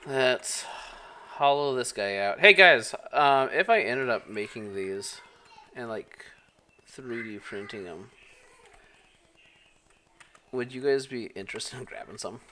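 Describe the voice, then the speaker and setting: A man's voice: mid-range voice, animated, takes it slowly, pauses often, pushed and bright, a little hiss or hum. A young man hosting a casual home livestream, chatting to viewers while modeling on the computer. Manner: easygoing, talks to chat while working. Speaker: livestream host.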